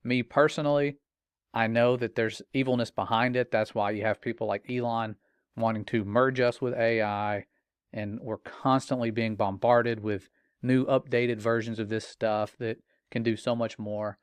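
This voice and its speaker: A man's voice: mid-range voice, fairly even intonation, moderate pace, clear, resonant tone, no room sound. A middle-aged father telling a personal story in an earnest, warning tone, with casual fillers. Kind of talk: earnest personal testimony monologue.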